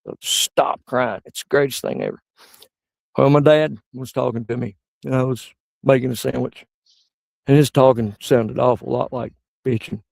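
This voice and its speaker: Gravelly man telling crude stories. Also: fairly even intonation, normal speed, a little mellow, dry recording. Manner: crude, rambling anecdotes with sudden high-pitched outbursts. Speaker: stand-up comedian. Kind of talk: stand-up storytelling.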